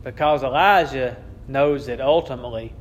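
A man's voice: medium pitch, normal speed, lo-fi sound. A man preaching a sermon, with an emphatic, repetitive cadence and a touch of wry amusement. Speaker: pastor.

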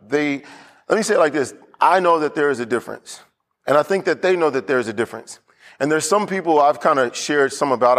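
A male pastor preaching a loose, unscripted sermon, full of restarts, asides and repeated phrases. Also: mid-range voice.

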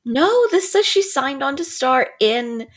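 Animated woman, slightly high voice. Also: measured pace. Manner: animated, laughing, sarcastic asides. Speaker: podcast host. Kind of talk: casual film review chat.

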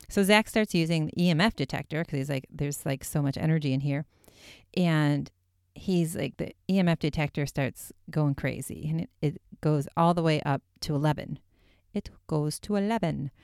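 A woman with a low, smooth voice chats through a ghost-hunting story, peppering it with "like" and acting out the lines. The sound is dry and close, with no room around it. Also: a little mellow, dry recording. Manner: chatty, many "like" fillers, acts out quotes. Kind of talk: casual retelling of a ghost-hunting episode.

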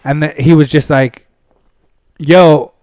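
A young man from Pasadena, California, spins profane, animated stories in a loose, conversational way. His voice sits a little high for a man. It is recorded dry and close. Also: brisk, no echo. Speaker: guest telling stories. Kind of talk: casual storytelling.

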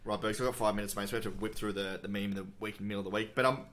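Fast, low-voiced man, co-hosting, swears casually. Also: steady tone, fairly bright tone. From Australia. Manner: rapid, sweary storytelling. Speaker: podcast co-host. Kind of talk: casual chat.

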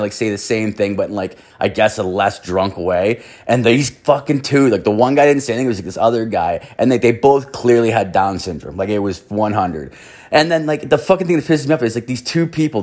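A young man with a slightly low voice rambles through a crude anecdote. He swears constantly and leans on fillers, in a loose, casual delivery. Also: a little mellow. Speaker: storyteller.

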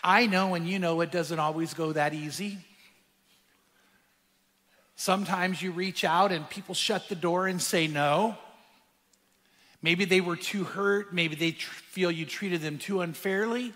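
A man preaching a sermon. He tells a quiet, hushed story and then rises into emphatic preaching. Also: a little slow, long pauses, long reverb tail. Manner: drops to a hushed, quiet voice when telling a moving story; rises to higher, emphatic preaching when making points. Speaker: pastor.

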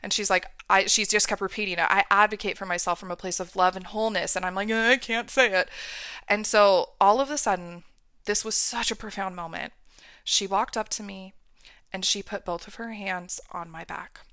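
Bright, candid woman telling a personal story. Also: medium pitch, steady tone, fairly quick, no room sound. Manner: emotional, candid, reenacts her own outbursts. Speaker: podcast host.

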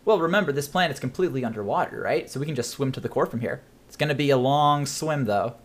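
A man's voice: medium pitch, quick pace. A man narrating as game master of a tabletop game, chatty and rambling with frequent laughs.

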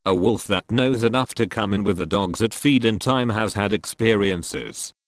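Male audiobook narrator, low voice, lively intonation, drawls the dialogue; dry close recording. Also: unhurried, hardly any pauses, no echo.

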